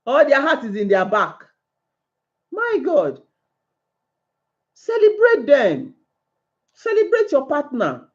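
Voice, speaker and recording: Earnest woman with a lively, swooping voice who pleads her points in a monologue. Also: high-pitched, highs cut off. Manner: earnest, pleading, rising to exclamations. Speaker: speaker giving advice. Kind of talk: impassioned monologue.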